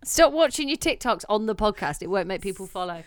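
A woman's voice: medium pitch, very animated, fairly quick, clean tone, no echo, studio quality. Teasing woman podcast co-host. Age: young adult. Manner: teasing, joking. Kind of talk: casual chat.

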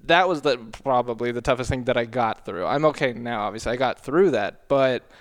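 A man telling a painful personal story on a podcast, halting and earnest, often apologizing. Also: medium pitch. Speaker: podcast regular.

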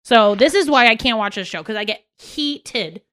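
A high-pitched woman talks in casual chat, blunt and heated as she tells her stories. She swears freely and acts out the people she is describing. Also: expressive, moderate pace, fairly bright tone. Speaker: podcast co-host, former reality TV cast member.

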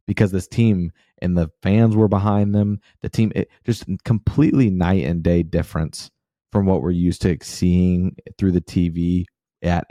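Brief: male podcast co-host, very low dark voice, hyped and loose, dry close mic. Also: dry recording. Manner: fired up, casual slang, many fillers. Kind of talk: animated sports podcast chat.

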